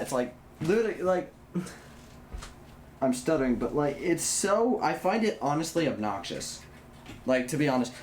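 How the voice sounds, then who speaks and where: Chatting casually on a livestream while building a PC, a blunt, rambling young male streamer swears and keeps restarting his sentences. His voice is medium in pitch with a darkish tone, and there's slight background noise.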